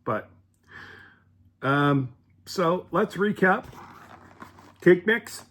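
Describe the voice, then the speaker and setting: A man's voice: high-pitched, lively intonation, drawn-out words, a bit bright. A man casually rambling through a home cooking vlog, chatty and full of fillers, restarts and asides.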